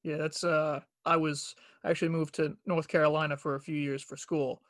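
A man's voice: fairly high pitch, flat delivery, a little fast, no echo, studio quality. A man from Long Island with a New York accent, an easygoing podcast guest who laughs often. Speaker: podcast guest, banker and voice actor. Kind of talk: casual podcast chat.

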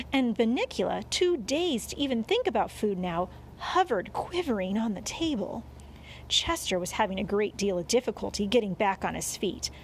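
A woman narrating a children's audiobook in an expressive storytelling manner. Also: medium pitch, slight background noise.

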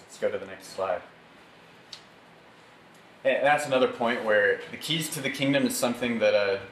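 A man leads a Bible study in a relaxed, conversational way, calling out to the group for amens. His voice sits on the low side. He is recorded in a roomy, echoey space with a faint hiss behind him. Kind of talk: Bible study teaching with slides. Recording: echoey room, faint background noise.

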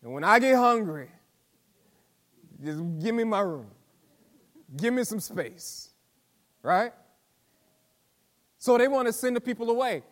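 A man preaching a sermon as pastor, folksy and emphatic, with asides to the congregation that build to forceful emphasis. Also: very high-pitched, expressive, takes it slowly, long pauses. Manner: preaching with call-and-response asides and rising emphatic delivery; folksy vernacular speech.

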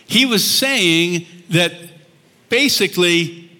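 Guy pastor preaching, bright forceful voice, lots of hall echo, acts out the quotes. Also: high voice, slow. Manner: animated storytelling, acts out quotes with laughs. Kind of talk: sermon. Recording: long hall reverb.

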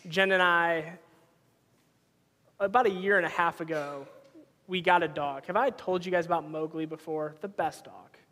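Pastor, male, 30s, high voice, conversational sermon, long reverb. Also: a bit bright. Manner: conversational, storytelling with personal anecdotes.

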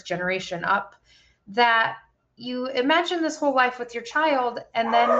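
A woman's voice: fairly high pitch, sharp tone, lo-fi sound, a little hiss or hum. A woman in her thirties chatting candidly about a parenting book, swearing freely. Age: 30s. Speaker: podcast co-host discussing a book. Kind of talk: casual book-club chat.

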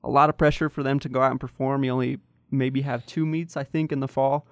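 A young man hosting a casual sports podcast, relaxed and chatty with many fillers. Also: mid-range voice, fast, no echo. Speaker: podcast host.

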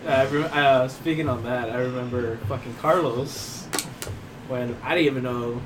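A man's voice: medium pitch, moderate pace, distant mic, background noise. A young man chatting casually with friends, swearing freely and defending himself with laughs. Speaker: friend in group chat. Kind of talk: casual chat.

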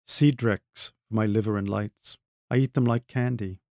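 A man reading the lines of a sardonic, mocking relative with a taste for fancy words, in a gravelly voice. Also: on the low side, steady tone, moderate pace, a little mellow, dry recording, clean studio sound, natural voice. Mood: needling. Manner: mocking, pedantic wit. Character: sardonic middle-aged man, witty and needling. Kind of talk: reading own short story aloud.

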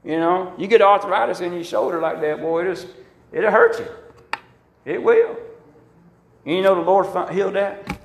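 A middle-aged pastor with a high, creaky voice preaches fairly quickly, recorded in an echoey room with slight background noise. He tells folksy stories animatedly and acts out the quotes.

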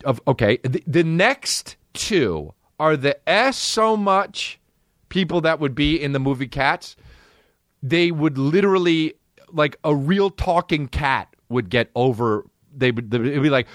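A male comedy podcast host ranting excitably, with lots of swearing and quick impressions. His pitch swings all over as he talks. The sound is dry and close, with no room around it. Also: no echo. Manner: excitable, swearing, jumping between voices. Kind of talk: profane comedic rant.

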